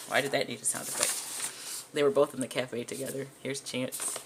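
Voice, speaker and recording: A woman's voice: rumbling low, little pitch movement, moderate pace, noisy background. A woman looking back at her old comic drawings in casual commentary, wry and self-mocking. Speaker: vlogger and artist.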